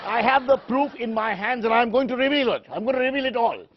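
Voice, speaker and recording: A man playing a pompous, self-important anchor in a parody of a shouting TV debate show. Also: very high-pitched, animated, quick pace, lo-fi sound. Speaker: satirical news anchor.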